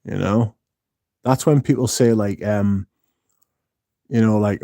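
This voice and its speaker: A man's voice: fairly low pitch, steady tone, takes it slowly, vocal fry, pauses often, dark tone, dry recording, studio quality. A man hosting a livestream, chatting casually with viewers in a blunt, sweary, rambling way. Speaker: livestream host reading viewer chat.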